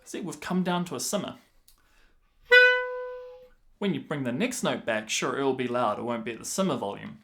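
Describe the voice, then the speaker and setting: A man teaching the clarinet, patiently explaining fingerings and counting rhythms out loud, with clarinet playing between phrases. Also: mid-range voice, normal speed, gravelly, pauses often, over loud music. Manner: patient, breaks rhythms down by counting and singing syllables aloud. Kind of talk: instructional explanation.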